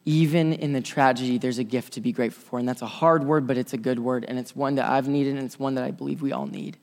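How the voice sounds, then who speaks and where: A man preaching a sermon with passion, swinging between loud urgent stretches and soft quiet ones. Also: medium pitch, steady tone, quick pace, creaky. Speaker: pastor. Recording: long hall reverb.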